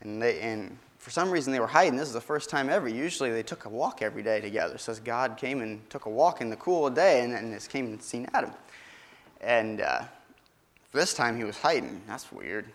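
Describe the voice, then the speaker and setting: A man's voice: medium pitch, lively intonation, fairly quick. Man preaching to children, easygoing and chatty, mid-range voice. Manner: casual, conversational, frequent restarts. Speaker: pastor giving a children's sermon. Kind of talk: children's sermon.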